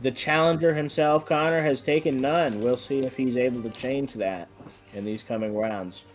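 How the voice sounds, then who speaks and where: A man's voice: mid-range voice, normal speed, lo-fi sound, faint music behind. Rambling male game commentator. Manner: rambling, self-correcting, excited bursts. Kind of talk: casual esports-style commentary.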